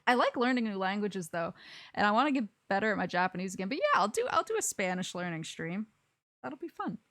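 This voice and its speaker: A woman's voice: mid-range voice, big pitch swings, fast, fairly bright tone, no room sound. Young woman, Alabama Southern accent, casual stream chat, chatty, giggly, dry close sound. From Alabama, USA. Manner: chatty and giggly, rambling with frequent laughs. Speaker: streamer host.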